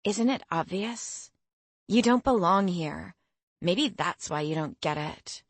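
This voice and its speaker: A woman voicing a haughty, cruel teenage princess witch who talks slowly and with contempt. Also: on the low side, lively intonation, no echo, full character voice. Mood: sneering.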